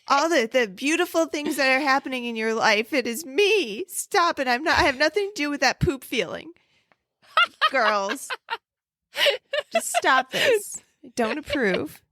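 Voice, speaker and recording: Scolding old grandma, played by a woman in a high, fussy put-on voice; recorded dry and close. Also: very animated, unhurried, pushed and bright, dry recording, heavily acted.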